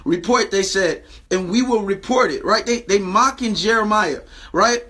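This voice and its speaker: Bright, high-voiced man preaching emphatically. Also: moderate pace. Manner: emphatic, repeats phrases and asks "right?". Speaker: preacher and video host. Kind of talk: preaching a Bible lesson to camera.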